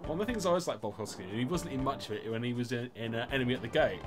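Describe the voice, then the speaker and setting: An English man hosting a gaming livestream, chatting with a friend in a loose, jokey way and swearing freely. His pitch swings widely as he talks. Music plays clearly in the background. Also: lively intonation, rapid-fire. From England. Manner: jokey, swearing, laughing often. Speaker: livestream host. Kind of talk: casual gaming stream chat.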